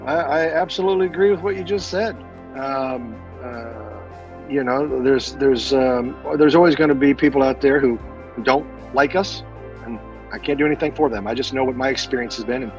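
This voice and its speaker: A veteran man in a casual interview, speaking earnestly and haltingly with many fillers and repeated words. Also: medium pitch, highs cut off, soft background music. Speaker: military veteran guest.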